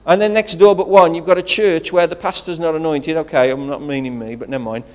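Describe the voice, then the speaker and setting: English guy preaching a sermon, bit of a high voice, chatty and fired up, throws in praise the lords. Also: steady tone, fast. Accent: English regional. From England. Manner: rousing and conversational, with interjections of praise. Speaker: pastor.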